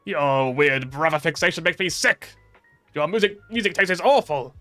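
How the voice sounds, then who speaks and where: A man voicing a hot-headed young woman who yells insults in an argument. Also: on the high side, expressive, normal speed, soft background music. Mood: furious. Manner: loud, mock-furious yelling.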